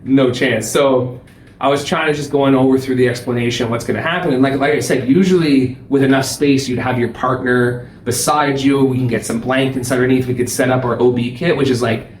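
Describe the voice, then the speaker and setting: A young adult man, a paramedic guest, telling stories in casual chat, animated, laughing and swearing freely. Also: medium pitch, a little fast, a little hiss or hum. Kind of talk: casual storytelling. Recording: roomy echo.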